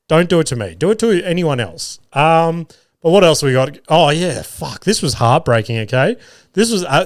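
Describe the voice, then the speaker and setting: A man's voice: mid-range voice, no room sound, studio quality. Australian man rambling through a story. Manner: rambling, swears freely, self-deprecating humour. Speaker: podcast host. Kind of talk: casual storytelling monologue.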